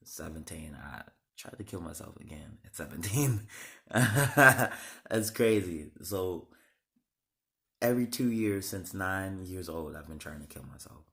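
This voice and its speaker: Low-voiced guy in his 30s rambling through his life story, lots of restarts and cussing. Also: expressive, vocal fry, a bit bright. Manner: halting, rambling, many restarts and fillers, frank swearing. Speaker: vlogger. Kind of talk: personal life story told to camera.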